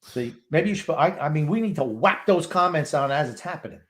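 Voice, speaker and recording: An older man with a New York accent co-hosting a live hockey podcast, giving blunt, gruff opinions about the team. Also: on the high side, lively intonation, fairly quick. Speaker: podcast co-host. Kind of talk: live game watchalong chat.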